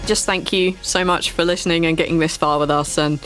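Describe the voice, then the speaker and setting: A woman's voice: fairly low pitch, steady tone, a little fast, fairly bright tone. A woman co-hosting a podcast in casual chat, rambling with lots of fillers and frequent laughter. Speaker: podcast co-host.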